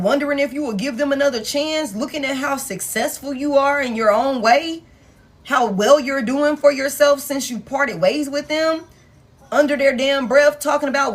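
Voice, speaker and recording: A woman tarot reader, chatting casually to viewers, laughing often and swearing as she acts out the people in her reading. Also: high voice. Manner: laughing, profane, playfully acts out quoted people.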